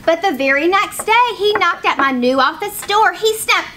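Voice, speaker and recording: A woman reading a rhyming children's story aloud with a rhythmic, expressive delivery. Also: very high-pitched, normal speed, hardly any pauses.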